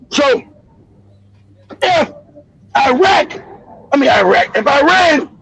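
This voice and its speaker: A man's voice: extremely high pitch, a bit bright, no echo, rough recording. A middle-aged man giving heated, profane commentary on a livestream, swearing freely and laughing at his own jokes.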